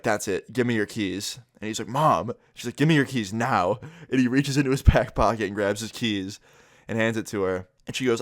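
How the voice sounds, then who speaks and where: A man's voice: lowish voice, no echo, studio quality. Young man telling a story time. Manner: animated retelling, acting out quotes.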